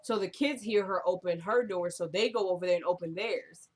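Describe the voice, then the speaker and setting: A woman's voice: on the low side, a little fast, darkish tone. A woman casually recapping a TV drama episode, chatty and full of fillers, acting out the characters' lines as she retells scenes.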